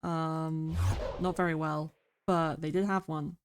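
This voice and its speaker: A sick woman streamer chatting quietly and mumbling close to her microphone. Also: sits low, little pitch movement, slow pace, slight background noise. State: sick, rough throat. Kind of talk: casual stream chat. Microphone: very close to mic.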